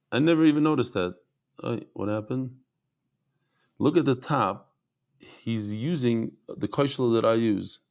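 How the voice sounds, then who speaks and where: A man teaching a Talmud class, telling stories with animated asides and acted-out voices. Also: mid-range voice, vocal fry. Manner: animated storytelling, acts out voices, laughs.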